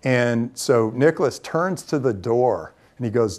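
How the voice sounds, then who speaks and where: A man who is a venture capitalist, telling lively anecdotes in a talk to students, with frequent ums and restarts. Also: mid-range voice, measured pace. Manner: lively storyteller who acts out quoted dialogue.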